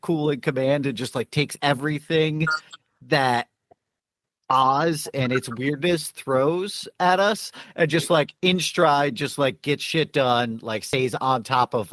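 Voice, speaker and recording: A man's voice: mid-range voice, no echo. Chatty young man, dry close sound. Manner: animated storytelling with filler words. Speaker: tabletop game player. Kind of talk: casual podcast chat.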